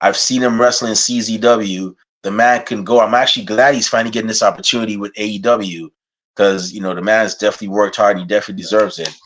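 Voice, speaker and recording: A man's voice: on the low side, steady tone, fast talker, a bit bright. A man hosting a wrestling podcast, opening with a rhyming hype intro and then chatting casually and telling stories. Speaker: podcast host.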